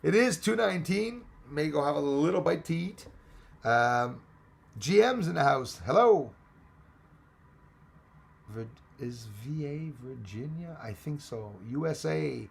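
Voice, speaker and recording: A man's voice: on the high side, animated, unhurried, vocal fry, pauses often, slightly rough. A Canadian man, hosting a casual livestream, greeting viewers by name and joking as he rambles. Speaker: livestream host reading chat. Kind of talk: casual live chat.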